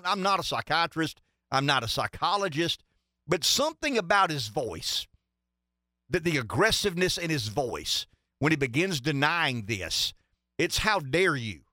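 Man in his sixties, talk radio host, lively bright voice, dry studio sound. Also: fairly high pitch, no echo. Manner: rambling, many fillers and restarts, emphatic. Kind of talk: political talk radio commentary.

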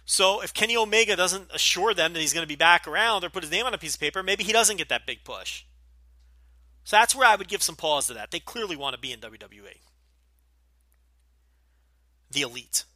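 A man with a New Jersey accent hosts a podcast Q&A in a bright, forceful voice that sits slightly high for a man. He talks bluntly and swears freely, dry and close to the mic. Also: expressive, fast, dry recording. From Northeastern US, New Jersey. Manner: blunt, profane, opinionated. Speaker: podcast host. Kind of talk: casual Q&A podcast.

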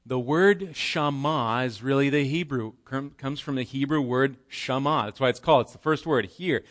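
Male pastor, mid-pitched, relaxed conversational sermon delivery, live in church. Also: normal speed. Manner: conversational, explanatory preaching with restarts and rhetorical questions.

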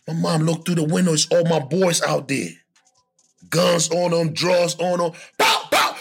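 Husky gravelly man telling his story. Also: normal speed, faint music behind. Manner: animated, acts out voices and shouts in high bursts. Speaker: podcast guest sharing his story. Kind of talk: emotional storytelling.

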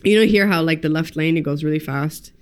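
A woman, a podcast guest, telling stories in lively casual chat, acting out quotes and swearing freely. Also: deep voice, fairly quick. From United States. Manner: animated storyteller who acts out quotes and swears freely.

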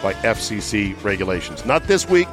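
A man's voice: fairly low pitch, sing-song, fairly quick, music in the background. A man hosting a casual sports podcast, joking and swearing freely, recording from inside a van. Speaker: podcast host. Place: in a van at night.

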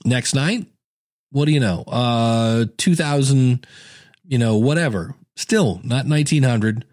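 A man's voice: mid-range voice, measured pace, a little mellow, no room sound. Chatty middle-aged man, dry close sound. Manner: chatty and self-deprecating, acts out his own inner voice. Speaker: podcast host. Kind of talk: casual solo podcast talk.

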